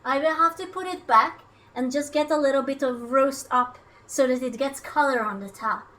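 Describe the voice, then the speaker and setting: A woman's voice: sits high, moderate pace, fairly bright tone. A woman livestreaming herself cooking, chatting casually in a playful, teasing way with her viewers from her kitchen. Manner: playful, teasing, jokey banter with chat. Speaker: streamer.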